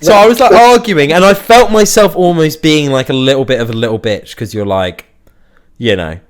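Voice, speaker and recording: A man's voice: fairly high pitch, normal speed. A young man from around Liverpool, chatting casually on a podcast. He tells a story full of swearing and acts out the people in it. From Liverpool area, England. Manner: sweary, animated anecdote-telling with acted quotes. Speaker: podcast host.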